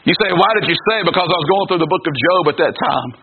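A man's voice: high-pitched, rapid-fire. A man preaching a personal testimony sermon, emphatic, telling a story and calling for amens from the congregation. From North Carolina. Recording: lo-fi phone-like radio broadcast with congregation noise.

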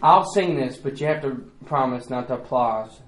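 A middle-aged man, teaching a bus ministry workshop in a playful, animated way and breaking into song. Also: medium pitch, normal speed. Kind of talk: training talk with sung examples.

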